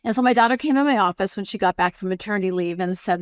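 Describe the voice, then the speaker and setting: A woman in her sixties, a produce company executive, talking through her career in an unhurried, storytelling way as an interview guest. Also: medium pitch, dry recording, studio quality. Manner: measured, storytelling. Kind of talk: casual interview conversation.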